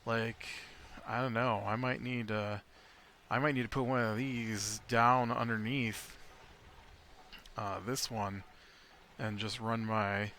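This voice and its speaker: A man's voice: on the low side, steady tone, takes it slowly, pauses often, sharp tone, a little hiss or hum. An American man giving casual gameplay commentary, thinking aloud and rambling with lots of fillers. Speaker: let's play host.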